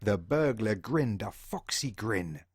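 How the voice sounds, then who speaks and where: A man's voice: fairly low pitch, expressive, slow pace, slightly rough, no echo, clean studio sound. A man reading a children's picture book aloud in a theatrical way, punching out the sound-effect words and asking the young listener questions directly. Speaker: storyteller.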